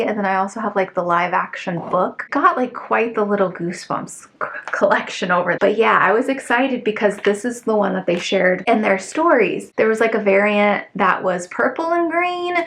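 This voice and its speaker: An excitable woman in her thirties talks casually through an unboxing. Her chat is loose and rambling, full of fillers and quick asides. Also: medium pitch, creaky. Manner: chatty, excitable, many fillers. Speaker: vlogger.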